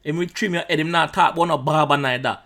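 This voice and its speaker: A young Jamaican reaction channel host with a Jamaican accent breaks down a song line by line, chatty and repetitive, drifting into patois. His voice is on the high side, quick, creaky and fairly bright.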